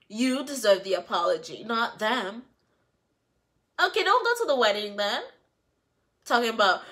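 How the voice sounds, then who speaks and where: A woman's voice: on the high side, normal speed. A woman recapping a reality TV episode in a casual, scolding way, mocking the people in it. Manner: animated, scolding, mocking the cast in put-on voices. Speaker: reality TV reviewer.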